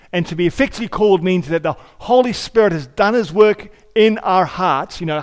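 A male pastor delivers a sermon in a conversational way, with rhetorical questions and repeated phrases. His voice sits on the higher side. The sound trails off in a long church reverb.

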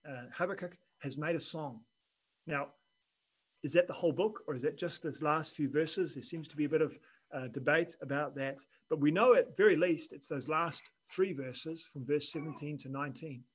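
A man preaching a sermon in an earnest, measured way, dropping quiet and then rising for emphasis. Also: on the high side, breathy edge, poor audio. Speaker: pastor.

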